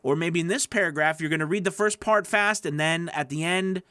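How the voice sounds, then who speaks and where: A man with a slightly higher voice gives a relaxed lesson on narration. He acts out sample lines with his voice swinging up and down, filling his speech with restarts and "you know." The recording is dry and close. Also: normal speed, hardly any pauses, clear, resonant tone, no echo. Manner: animated, demonstrates readings, many fillers and restarts. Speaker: voice-over coach. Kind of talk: teaching talk to camera.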